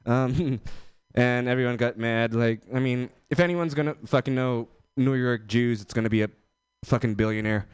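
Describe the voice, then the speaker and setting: A man's voice: medium pitch, moderate pace, clear, resonant tone, dry recording. A man doing an open-mic stand-up set, rambling and self-deprecating, with lots of fillers. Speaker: stand-up comedian.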